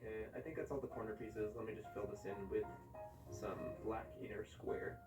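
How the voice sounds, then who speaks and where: A man's voice: fairly low pitch, steady tone, fairly quick, far from the mic, music in the background, poor audio. A man chatting casually as he edits a video, rambling and correcting himself and humming to himself. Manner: rambling and self-correcting, hums and sings to himself. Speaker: YouTube creator editing a video. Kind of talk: casual running commentary.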